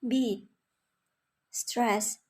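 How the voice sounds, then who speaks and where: A young woman with an Indonesian accent reading a class presentation aloud in a steady delivery. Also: fairly high pitch, extremely slow, slightly rough, rough recording. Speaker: student presenter.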